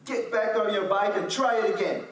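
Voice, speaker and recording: A man putting on a shouting Moroccan-accented dad. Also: sits high, fairly even intonation, normal speed, heavy reverb, far from the mic, pitched above the performer's own voice, close to an everyday voice. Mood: commanding. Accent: Moroccan, put on. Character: stern Moroccan father, adult man, tough-love.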